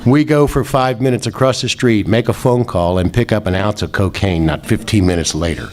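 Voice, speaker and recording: Older man, low voice, rambling, chuckling, casual interview guest. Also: a little fast, darkish tone. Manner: rambling, chuckling anecdote teller. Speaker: former rock roadie, guest.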